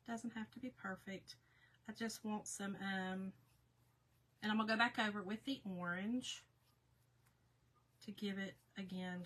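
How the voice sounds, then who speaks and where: A woman hosting a casual live painting chat, reading out viewer comments in a folksy way, her voice going hoarse. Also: medium pitch, a bit bright. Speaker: crafting livestream host.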